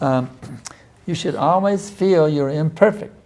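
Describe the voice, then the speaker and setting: A man with a rather high, gravelly, somewhat dark voice speaks slowly with lively intonation. He's a spiritual teacher answering questions in an informal scripture class, sprinkling in "you see" asides and restarts, and at times pleading intensely as he acts out prayers.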